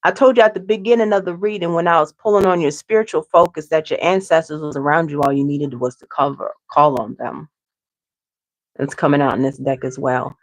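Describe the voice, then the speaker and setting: A woman's voice: deep voice, steady tone, brisk. A woman giving a casual tarot reading to her viewers, chatty and repetitive, often asking "okay?". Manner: chatty, tags lines with "okay?", repeats herself. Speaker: tarot reader.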